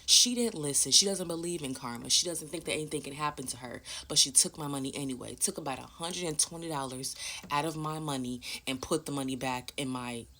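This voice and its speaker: Low-voiced blunt woman telling a story. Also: fairly quick, pushed and bright, slight background noise. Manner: blunt and emphatic, swears freely. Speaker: vlogger. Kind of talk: casual personal storytelling.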